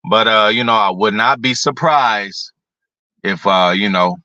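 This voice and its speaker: A man's voice: on the low side, measured pace, bright, forceful tone, no echo, dull audio. Profane, rambling male sports fan host. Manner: talks to chat viewers by name. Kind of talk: casual sports talk.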